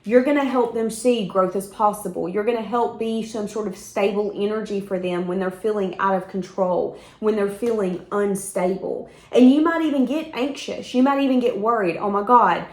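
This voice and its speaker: A woman's voice: mid-range voice, moderate pace, few pauses, darkish tone, echoey room. A woman giving a tarot reading in a candid, emphatic way, now and then swearing. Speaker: tarot reader. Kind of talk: intuitive tarot reading monologue.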